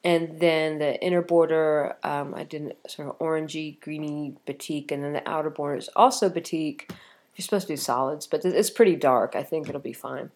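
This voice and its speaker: Middle-aged woman, casual vlog chat, low voice, rambling and tired. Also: fairly even intonation, moderate pace, a little mellow. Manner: chatty and rambling, with many ums and restarts. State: tired with a cough. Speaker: vlogger.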